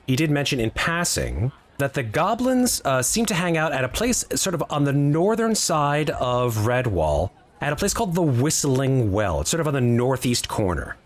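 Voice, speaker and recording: A man narrating a tabletop game as game master, describing scenes with lively, hesitant storytelling. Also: medium pitch, moderate pace.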